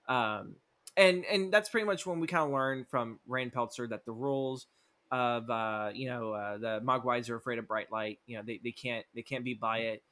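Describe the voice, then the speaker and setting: A man's voice: medium pitch, normal speed, a bit bright. A man co-hosting a podcast, recapping a movie script in a rambling, profane way and acting out the characters' lines as he goes. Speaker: podcast co-host.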